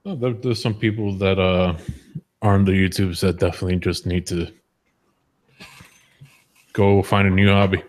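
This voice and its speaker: Low-voiced man chatting on a live stream. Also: steady tone, normal speed, long pauses. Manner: laughs often, repeats words, swears. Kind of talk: casual political chat.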